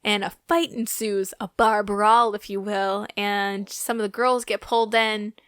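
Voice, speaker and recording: A woman's voice: medium pitch, level tone, unhurried, fairly bright tone, smooth, no room sound, clean studio sound. A young adult woman co-hosting a podcast, chatting casually and playfully about a movie, with many fillers. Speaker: podcast co-host.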